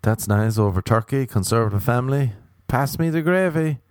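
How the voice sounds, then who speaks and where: A male stand-up comedian from Ireland works through his routine in a deadpan, wry manner. He repeats punchlines flatly and slips into mocking, acted-out quotes, at a mid pitch for a man. The sound is dry and close, with no room echo. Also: moderate pace.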